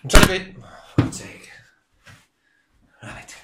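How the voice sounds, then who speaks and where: A man's voice: takes it slowly, heavy background noise. A middle-aged man, reviewing beer in a chatty, rambling, self-deprecating way, recorded at home on a camera mic. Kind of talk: casual video review. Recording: roomy home room echo.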